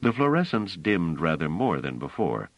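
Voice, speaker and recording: A man reading a novel aloud as an audiobook narrator, with expressive storytelling. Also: low-pitched, normal speed, dry recording, rough recording. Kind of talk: scripted narration.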